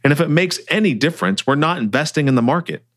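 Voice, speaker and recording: A calm male client and mentor, measured and firm, with a voice that still moves a lot in pitch, as a man reads him. He delivers hard news gently in a storybook reading. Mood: firm, concerned.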